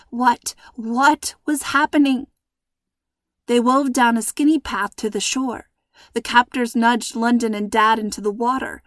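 A woman reading a scripted children's storybook in a measured, suspenseful manner, close to the mic. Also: fairly high pitch, no echo. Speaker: narrator.

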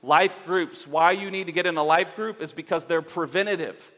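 A male pastor preaching a sermon in a church, earnest, swinging between emphatic passages and hushed ones. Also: fairly high pitch, fairly even intonation, normal speed. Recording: long reverb of a large hall.

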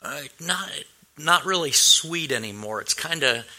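A man's voice: a little high, expressive, a little slow, sharp tone. A male pastor telling a personal story in a sermon, earnest and anecdotal, with many restarts and fillers.

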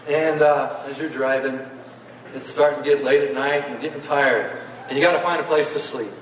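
A man's voice: medium pitch, steady tone, brisk, recorded from a distance, slight background noise. A male preacher telling a folksy, playful story during a sermon. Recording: echoey hall, voice from afar.

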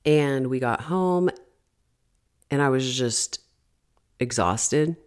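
A woman's voice: a bass voice, slow. A woman in her thirties hosting a podcast, telling a story casually, peppered with "like" fillers and swearing. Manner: chatty, constant "like" fillers, frequent swearing. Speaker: podcast host.

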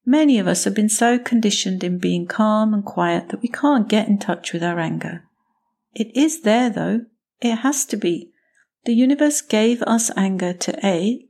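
Woman, self-help podcast host, measured and instructive, husky with some fry. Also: medium pitch. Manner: measured, gently instructive, speaks in steps and lists.

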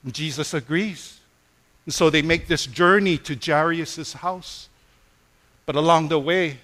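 A man preaching a sermon as pastor, retelling stories dramatically and dropping to a gentle hush on key phrases. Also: fairly high pitch. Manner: dramatic retelling, acts out voices in his stories.

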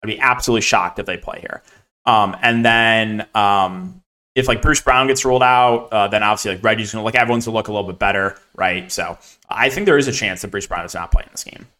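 A man's voice: on the low side, bright, forceful tone. A young man giving a casual solo podcast breakdown of fantasy sports picks, rattling through names and numbers with lots of ums and likes. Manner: rapid, filler-heavy, lists names and numbers.

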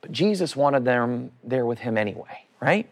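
Speaking at normal speed with a medium-pitched voice, a man gives an easygoing sermon full of jokes. He asks the crowd questions and animatedly voices the characters he quotes.

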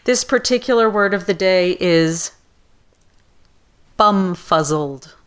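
A woman's voice: on the low side, lively intonation, takes it slowly, smooth. Chatty woman podcast co-host. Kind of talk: casual podcast banter.

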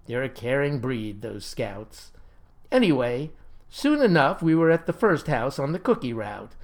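A man telling a comic first-person story in a folksy, old-fashioned, deadpan sanctimonious manner. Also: mid-range voice, measured pace.

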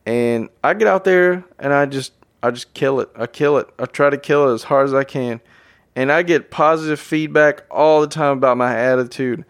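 A man's voice: medium pitch, normal speed, smooth. A man hosting a motivational podcast, talking energetically and repeating phrases for emphasis while addressing his listeners as guys. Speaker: podcast host. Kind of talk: motivational monologue.

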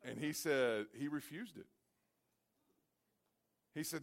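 A man preaching a sermon, telling stories and acting out their characters with loud, high-pitched cries, often repeating and restarting his words. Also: normal speed.

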